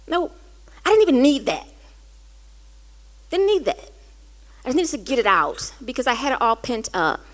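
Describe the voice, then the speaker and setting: High-voiced earnest woman sharing a story. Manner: earnest, conversational, rising to animated quoted dialogue. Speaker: host. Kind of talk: candid personal storytelling.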